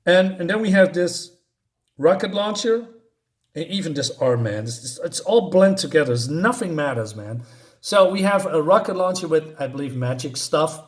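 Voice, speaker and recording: A man's voice: fairly high pitch, lively intonation, normal speed. A man reviewing a comic book in a scornful, exasperated rant, often stumbling into restarts.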